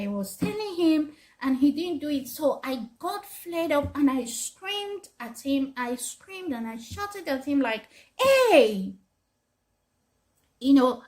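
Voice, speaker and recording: A woman speaks earnestly to parents, offering advice as a mother in a casual talk, often repeating herself and laughing. Her voice is high and a little mellow.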